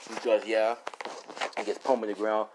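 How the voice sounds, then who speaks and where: A man's voice: lowish voice, flat delivery, moderate pace, noisy background. A young man casually retelling a fan story in a rambling, profane way full of fillers.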